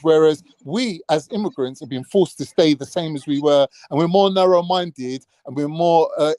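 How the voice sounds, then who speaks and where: A man's voice: on the high side, a little mellow, no room sound. A man arguing his point insistently in a heated online panel debate, talking over others. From Cypriot family in London. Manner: insistent, talks over others, acts out quotes.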